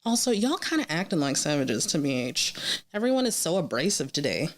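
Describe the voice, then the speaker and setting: A woman co-hosting a podcast in casual chat, quick and teasing as she reads out her wry reactions. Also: deep voice, very animated. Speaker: podcast co-host.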